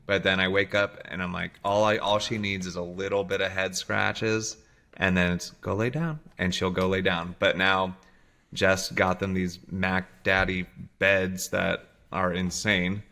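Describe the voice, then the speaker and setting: A man co-hosting a casual podcast chat over a remote call, animated, sometimes acting out his dog in a squeaky voice. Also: a little slow, gravelly. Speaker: podcast co-host. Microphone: remote recording call.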